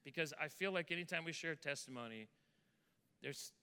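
Earnest pastor in reverberant church hall. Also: male voice, on the high side, brisk, pushed and bright, clean tone. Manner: earnest storytelling, repeats words when moved. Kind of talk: sermon with testimony and prayer.

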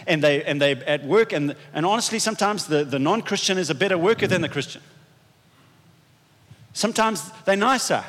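A man's voice: sits high, a bit bright, in a large hall. A man preaching a sermon as pastor in a conversational, self-deprecating way, with frequent restarts. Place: church hall.

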